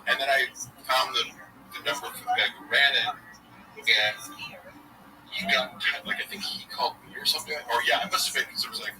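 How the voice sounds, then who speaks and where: A young man calling in and telling a story in casual chat, animated and full of filler words. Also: medium pitch, brisk, slight background noise. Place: online voice chat. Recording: distant mic with music behind.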